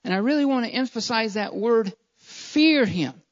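A man's voice: very high voice, fast. A man, a pastor, preaching a fervent sermon and repeatedly calling out to his congregation. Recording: dull lo-fi sound.

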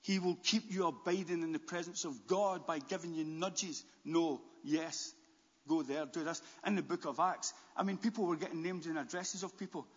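A man preaching a sermon as pastor, animated, with stammered restarts and bursts near a shout. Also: on the high side, moderate pace, breathy edge. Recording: dull, long-echo church hall.

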